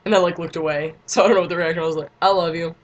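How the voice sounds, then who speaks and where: A teenage girl telling a story to her camera in a casual vlog. She chats and giggles along and leans on "like" constantly. Now and then she breaks into excited squeals. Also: fairly low pitch, racing, dull audio. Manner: chatty and giggly, lots of "like", squeals in quotes. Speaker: vlogger.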